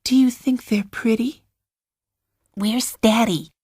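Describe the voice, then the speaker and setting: Man doing a young society woman, high airy voice, breathy, drawn-out slow lines, dry sound. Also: fairly even intonation, a little mellow, dry recording, exaggerated voice. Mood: doting. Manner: breathy, sighing, half-whispered. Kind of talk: audiobook character voice.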